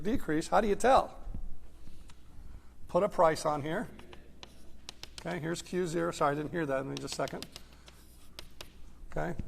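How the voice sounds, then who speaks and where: A man's voice: on the high side, creaky, long reverb tail, a little hiss or hum. A man teaching an economics class in a conversational lecture style, checking in with his students as he goes. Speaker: economics instructor. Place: lecture hall.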